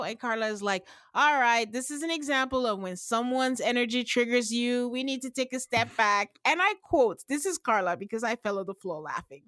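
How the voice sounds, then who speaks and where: A woman's voice: normal speed, no room sound. Chatty woman acting out quotes. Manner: animated storyteller, acts out quotes with big pitch jumps. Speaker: podcast host recapping a reality show. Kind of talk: casual chat.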